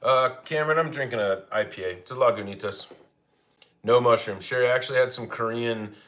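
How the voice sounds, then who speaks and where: A man's voice: medium pitch, a little fast, fairly bright tone. Young male streamer, casual and jokey, talks to chat while cooking at home. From Arizona, United States. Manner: joking, chatty, laughs often. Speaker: livestream cooking host. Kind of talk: casual live chat reading comments. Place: home kitchen.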